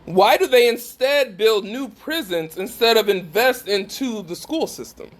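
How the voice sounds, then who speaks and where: A man speaking at a faith gathering gives an emphatic preaching talk to a live group, putting questions directly to his listeners. His voice is high, animated and unhurried.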